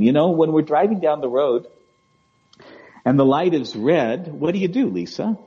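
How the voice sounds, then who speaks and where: A man talks gently as an interview guest, in a warm, relaxed voice. He often stumbles over and repeats his words, and he keeps checking in with his listener. The audio sounds dull and lo-fi. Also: fairly high pitch, normal speed. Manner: gentle, repeats and restarts words, often asks "right?" and "you know?". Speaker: guest speaker on emotional wellbeing. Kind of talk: conversational interview.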